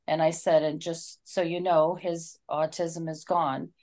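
A woman's voice: low voice, little pitch movement, unhurried, a little mellow. A woman co-hosting a casual talk, retelling a story in an earnest, heartfelt way.

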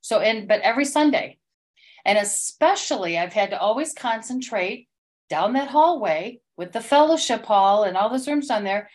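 A woman's voice: a little high, expressive, normal speed. A middle-aged woman sharing a personal church experience in casual spoken testimony, rambling and emotional, with many restarts.

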